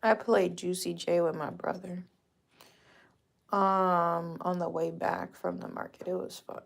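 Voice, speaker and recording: A woman's voice: on the low side, level tone, a little slow, vocal fry. A woman hosting a casual livestream chat from a dim room at home, talking frankly in a rambling way and swearing casually. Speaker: livestream host.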